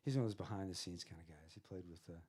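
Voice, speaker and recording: A man's voice: deep voice, very fast, darkish tone. A man who is a singer-songwriter, telling rambling anecdotes on stage between songs, chuckling as he goes. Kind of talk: casual storytelling on stage.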